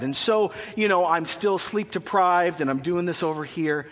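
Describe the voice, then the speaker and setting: A man's voice: sits high, animated, brisk, few pauses, big-room sound. A man in his thirties preaching a sermon in a church, telling a funny story with asides before turning to scripture. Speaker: pastor. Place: church sanctuary.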